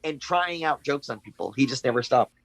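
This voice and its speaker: A middle-aged man, a guest actor, telling animated stories in a casual chat and acting out the voices of the people he quotes. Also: medium pitch, brisk, vocal fry, no room sound, low-quality recording. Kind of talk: casual anecdotal storytelling.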